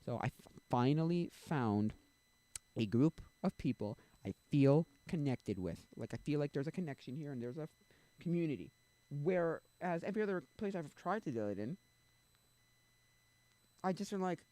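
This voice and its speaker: A man's voice: on the high side, animated, normal speed, dark tone, no room sound. A young man streaming, chatting casually and rambling, often losing his train of thought. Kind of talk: casual chat.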